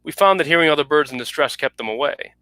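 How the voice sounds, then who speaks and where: A man's voice: a little high, animated, fast, sharp tone, no room sound, poor audio. A man voicing an earnest government official in a story reading, polite and businesslike.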